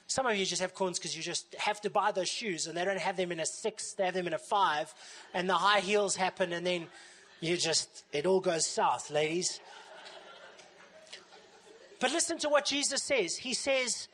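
A woman pastor preaching a sermon in a lively way, often acting out the voices of the people she quotes. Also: on the high side, unhurried.

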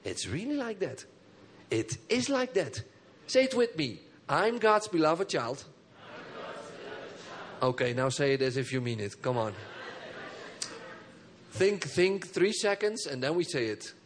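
High-voiced man preaching with call and response. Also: very animated, a little slow. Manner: engages the congregation with call and response; emphatic, swings between soft low phrases and high bursts. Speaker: pastor. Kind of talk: sermon.

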